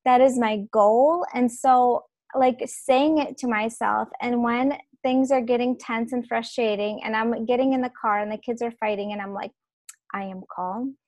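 Earnest parenting coach, thirties woman, higher pitch, close and dry. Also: normal speed, few pauses, dry recording. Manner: earnest, repeats calming phrases softly. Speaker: guest, parenting coach for moms. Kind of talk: podcast interview.

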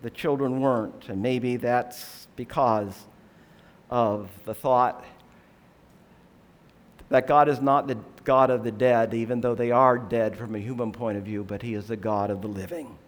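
A man preaching a sermon, explaining scripture in a measured, earnest way and asking rhetorical questions. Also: mid-range voice, fairly even intonation.

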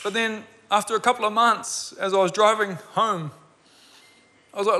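40s guy preaching in a church hall, kinda high voice, earnest, big reverb. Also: brisk, sharp tone. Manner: earnest, builds to emphatic repeated lines. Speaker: pastor. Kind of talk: sermon with personal story. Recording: long reverb of a large hall.

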